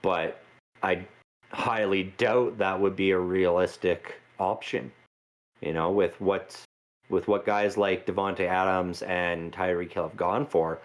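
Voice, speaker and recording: Low-voiced man explaining football trades. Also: flat delivery. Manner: measured, explanatory, with fillers. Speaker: podcast co-host. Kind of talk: casual sports chat.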